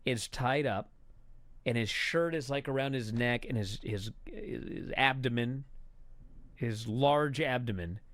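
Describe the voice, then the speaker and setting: A man angrily recapping a wrestling show in a profane, exasperated rant that builds to shouting. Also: medium pitch, slow, dry recording.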